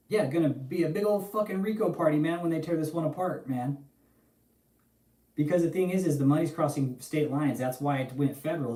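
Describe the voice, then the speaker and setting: A man's voice: mid-range voice, roomy sound, far from the mic. Profane man ranting on a livestream. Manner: profane, animated, chatty. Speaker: livestream host. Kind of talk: casual livestream commentary.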